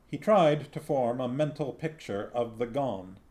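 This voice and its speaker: A man reading a novel aloud on a stream, narrating slowly. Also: mid-range voice, darkish tone. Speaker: reader on a stream.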